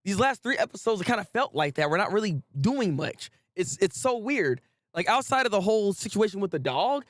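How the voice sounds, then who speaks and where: This anime commentary host rants animatedly and casually, laughing often, repeating phrases and swearing here and there. His high-pitched voice is brisk, and the recording is dry and studio quality.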